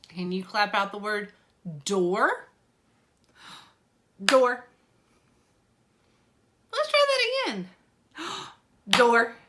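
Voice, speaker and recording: A woman teaching a lesson to preschool children, talking in a slow, encouraging sing-song way. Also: fairly high pitch, sharp tone. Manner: sing-song, encouraging, speaks slowly and clearly to young children.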